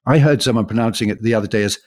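Low-ish guy co-hosting a pod, reading out listener emails, chatty asides. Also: very fast, darkish tone. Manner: chatty, reads listener mail aloud with asides. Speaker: podcast co-host.

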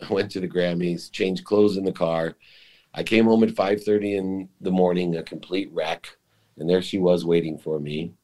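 A man's voice: low-pitched, warm tone. A middle-aged man, a guest in an interview, telling an emotional, confessional story about his life.

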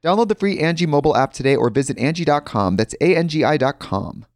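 A man's voice: on the high side, animated, fast, no room sound, clean studio sound. Man casually reading an ad. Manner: chatty, anecdotal. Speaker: ad reader. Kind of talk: casual ad read.

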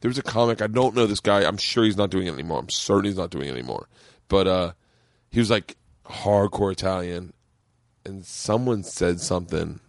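A middle-aged man hosting a podcast, telling loud stories in casual chat and jumping to high squeaky voices when quoting people. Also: brisk, no echo, clean studio sound. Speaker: podcast host.

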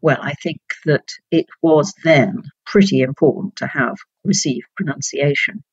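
An older woman from North Yorkshire, a retired judge, telling stories in an interview in a measured, precise way with frequent laughter. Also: sits low, slightly rough, no room sound, highs cut off. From North Yorkshire, England. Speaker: guest, retired senior judge. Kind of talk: reflective interview storytelling.

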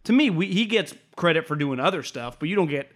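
A man co-hosting a casual sports podcast, rambling and animated, with some swearing. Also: on the high side, fast. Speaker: podcast co-host.

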